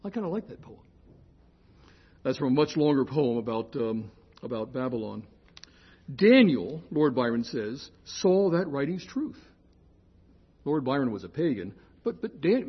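An older man lecturing on scripture in a chatty, digressive classroom way, often correcting himself and slowing to spell out key terms. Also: medium pitch, sing-song, breathy edge, highs cut off.

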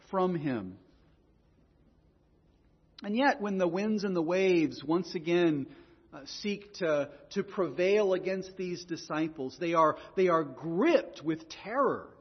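A man's voice: high-pitched, lively intonation, takes it slowly, breathy edge, long reverb tail, lo-fi sound. A man preaching a sermon in an earnest way, often repeating words as he goes. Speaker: pastor.

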